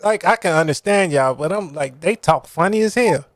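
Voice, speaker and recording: A man from Chicago co-hosting a podcast in casual chat, slangy and joking with sharp retorts. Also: a little high, animated, normal speed, dry recording, clean studio sound. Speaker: podcast co-host.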